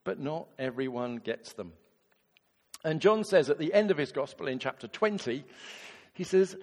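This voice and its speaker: A man, a vicar giving a chatty, animated sermon and acting out quotes in different voices. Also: fairly high pitch, long reverb tail. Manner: lively, conversational preaching with acted-out quotes.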